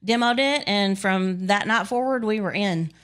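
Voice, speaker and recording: A woman's voice: mid-range voice, normal speed. Chatty Texan woman in her fifties. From Texas. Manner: chatty, laughs often, self-deprecating humor. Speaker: guest. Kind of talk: casual interview chat.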